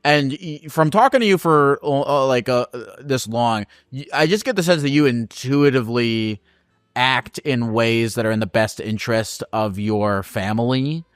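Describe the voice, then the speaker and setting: Halting, smooth-voiced man hosting advice. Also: mid-range voice, no echo, studio quality. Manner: halting, many restarts, casual swearing. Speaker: host of a call-in advice show. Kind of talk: casual advice chat.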